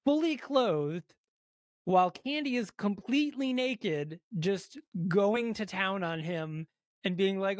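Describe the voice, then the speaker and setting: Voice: medium pitch, takes it slowly, dry recording, studio quality. A podcast co-host in casual chat, eagerly retelling movie scenes, swearing and acting out the characters' lines. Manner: animated retelling of scenes, swears, acts out quotes.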